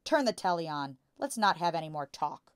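A gruff, angry father snaps out short accusing lines, as a woman reading a storybook puts him on. The voice is low, and the room is dry. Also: big pitch swings, normal speed, dry recording. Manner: curt, accusing. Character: angry gruff father, middle-aged man.

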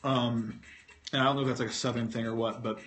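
Speaking fast in a mid-range, fairly bright voice with little pitch movement, a North Carolina man livestreams through a phone mic while snacking on candy. He rambles, pokes fun at himself, curses freely and talks through mouthfuls.

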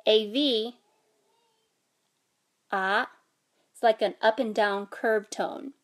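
A woman's voice: a little high, unhurried. A woman teaching a language lesson, patiently explaining and sounding out vowels and tones. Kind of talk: instructional explanation.

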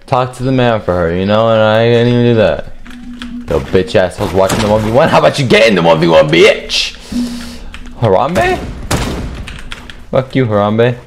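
A young man giving loud, profane gameplay commentary, trash-talking and often shouting. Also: medium pitch, expressive, normal speed, creaky, pauses often, music in the background. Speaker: gamer streaming gameplay.

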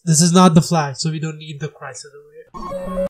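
Casual gaming commentator, mid-pitched and mellow, mocks themself, squeals when surprised. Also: very animated, a little fast, faint music behind. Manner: self-mocking, laughing, squeals in high pitch when surprised; scats beatbox sounds along with the game. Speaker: gamer and channel host.

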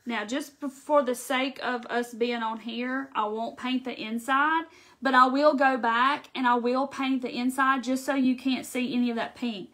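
A woman's voice: high-pitched, steady tone, normal speed, bright, forceful tone. A woman with a Southern American accent hosting a live craft tutorial, chatting in a folksy way straight to her viewers.

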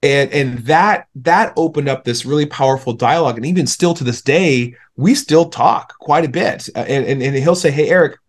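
Animated young man telling stories. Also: on the high side, normal speed, few pauses. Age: young adult. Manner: storytelling, animated when quoting others. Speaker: podcast guest. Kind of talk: casual conversation.

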